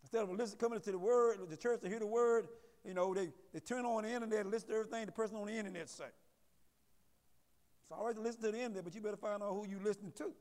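A man preaches a sermon in a church sanctuary. He throws questions out to the congregation, repeats his key words and builds to loud emphasis. A long reverb rings behind his voice. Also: sits high, fast talker. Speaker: pastor.

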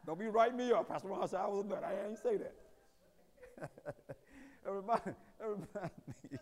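Pastor guy preaching, high voice, shouts then jokes around, long church reverb. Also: normal speed. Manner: preaching with shouted peaks and folksy asides. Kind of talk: sermon. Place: church sanctuary.

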